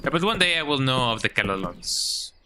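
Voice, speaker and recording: Over game music, this streamer gives casual gameplay commentary, playfully voicing the characters' lines and tacking on a joking "eh?" His mid-range voice is very animated and brisk, with a noisy background.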